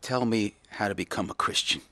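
A man playing a puzzled middle-aged father who asks halting, searching questions. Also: lowish voice, pushed and bright, no room sound.

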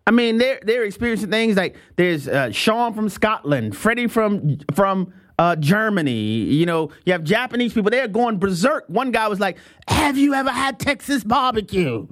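Animated American man, high voice. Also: moderate pace, hardly any pauses. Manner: animated, emphatic, acts out quotes. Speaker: show host. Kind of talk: opinionated talk show monologue.

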